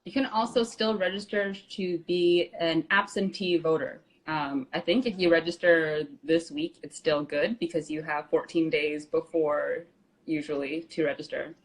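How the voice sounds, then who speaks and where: A woman's voice: low voice, fairly even intonation, measured pace, low-quality recording. A woman co-hosting a casual live-stream chat, speaking loosely with lots of "like" and "um". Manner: casual, heavy on "like" and "um", laughs easily. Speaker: co-host.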